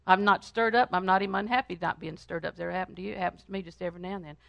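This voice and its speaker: An older woman teaching a Bible lesson in a fervent sermon style, breaking into song and prayer, swinging between loud praise and quiet asides. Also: lowish voice, fairly even intonation, very fast, gravelly, no echo, highs cut off.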